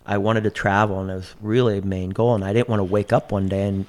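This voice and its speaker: A man's voice: fairly low pitch, level tone, fast talker. A man in his forties, a chef, telling long rambling stories in casual conversation, full of restarts and quoted dialogue.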